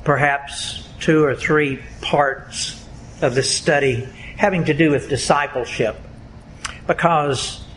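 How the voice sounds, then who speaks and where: A man preaching a sermon as pastor, in a deliberate, emphatic way. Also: mid-range voice, a bit bright, slight background noise, rough recording. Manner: slow, deliberate, emphatic delivery.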